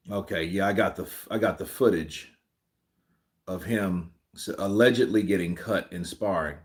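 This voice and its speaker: A man hosting a boxing commentary livestream, ranting excitedly and repeating himself as he thinks aloud. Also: low-pitched, slow pace, long pauses.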